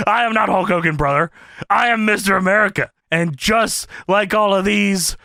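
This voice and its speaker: A man's voice: sits high, normal speed, vocal fry, pushed and bright, no room sound, studio quality, heavily acted. A man voicing a boastful patriotic masked wrestler who swaggers through his lines and ends them with "brother" and "dude". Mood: cocky.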